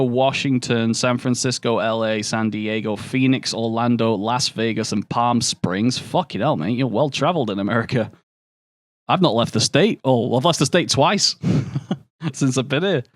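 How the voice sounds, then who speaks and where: A man's voice: mid-range voice, moderate pace, dry recording, studio quality. Sweary young man streaming a game. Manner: sweary, joking banter. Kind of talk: casual gameplay commentary, chatting with viewers.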